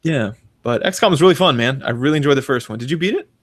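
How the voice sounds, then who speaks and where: Podcast guy in his 30s, super animated, jumps into silly voices, dry close mic. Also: mid-range voice, fast, no echo. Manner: animated storyteller, acts out quotes in big voices. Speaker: podcast co-host. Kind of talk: casual chat.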